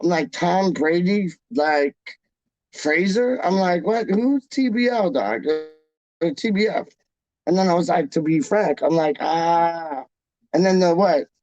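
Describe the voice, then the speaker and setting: A man hosting a live stream, chatting casually with his viewers in an animated, jokey way full of slang. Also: on the high side, unhurried, dry recording, highs cut off. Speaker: livestream host reading chat. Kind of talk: casual chat.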